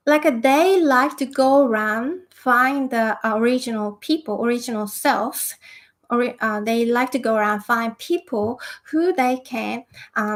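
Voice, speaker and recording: A woman hosting a spiritual self-help monologue, talking hesitantly with many fillers. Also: a little high. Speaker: spiritual talk host.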